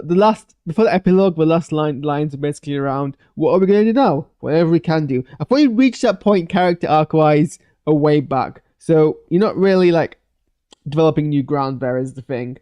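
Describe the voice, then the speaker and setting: Man, casual reviewer, slightly high and mellow voice, stop-start rambling. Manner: rambling, many restarts and fillers. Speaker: show reviewer. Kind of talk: casual live reaction commentary.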